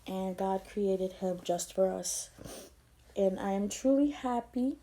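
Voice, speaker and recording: A woman's voice: mid-range voice, takes it slowly, mellow. A young woman vlogger telling an emotional story, tender and rambling, teary-eyed as she talks.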